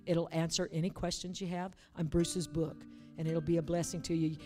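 A woman's voice: fairly low pitch, flat delivery, moderate pace, dark tone, soft background music. A woman preacher leading a church service, urging and coaxing the congregation in a fervent, repetitive way. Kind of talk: sermon with altar call.

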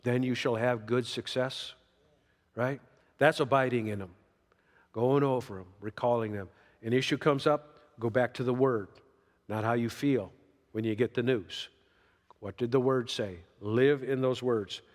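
A middle-aged man preaching a sermon, folksy and emphatic, jumping up for emphasis and dropping to a hush. He is in a church sanctuary. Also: mid-range voice, steady tone, measured pace. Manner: folksy, emphatic preaching with sudden rises and soft drops. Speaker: pastor. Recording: long hall reverb.

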